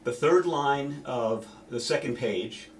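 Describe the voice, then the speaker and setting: A man's voice: mid-range voice, slow, a little hiss or hum. A man teaching a snare drum solo, counting beats aloud and stopping now and then to correct himself.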